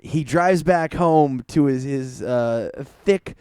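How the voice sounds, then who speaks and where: A man's voice: medium pitch, slow, darkish tone, clear, resonant tone, no room sound, studio quality. A young man co-hosting a podcast, talking casually and rambling, swearing and laughing often. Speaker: podcast co-host.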